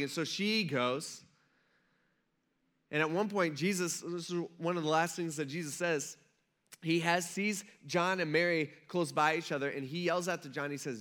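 Bright-voiced conversational male pastor. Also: a little high, fairly even intonation, normal speed. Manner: conversational storytelling preacher, acting out crowd voices. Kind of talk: sermon.

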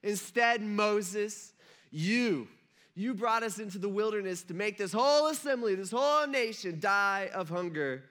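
A man's voice: sits high, lively intonation, normal speed, few pauses, pushed and bright, voice pushed up. A man putting on a whiny, griping Israelite. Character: whiny complaining ancient Israelite crowd, griping.

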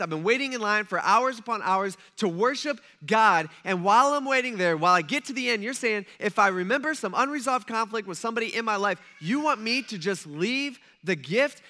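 A man's voice: high-pitched, pushed and bright. A man preaching a sermon to a congregation in a conversational style, with joking asides and frequent check-ins like "okay?" and "right?". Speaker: pastor.

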